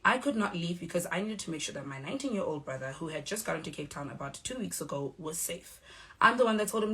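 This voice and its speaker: A woman's voice: on the low side, animated, sharp tone. Firm young South African woman. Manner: measured, firm, acts out quoted exchanges. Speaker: reality show cast member. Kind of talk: direct-to-camera statement.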